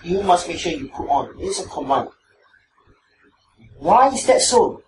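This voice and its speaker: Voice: medium pitch, big pitch swings, unhurried. A preacher with a Singaporean English accent giving an emphatic sermon, repeating key phrases for stress. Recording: echoey room, distant mic, background noise.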